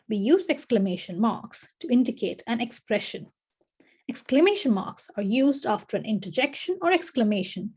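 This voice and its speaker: Woman teacher reading a lesson script, kinda high and husky, punches up the example sentences. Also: darkish tone. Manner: reads example sentences with lifted, emphatic delivery.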